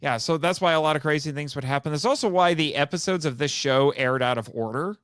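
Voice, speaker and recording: A man's voice: fairly high pitch, quick pace, fairly bright tone, clean tone, dry recording, studio quality. A man hosting a podcast in casual chat, rambling and correcting himself as he goes, laughing often. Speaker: podcast host.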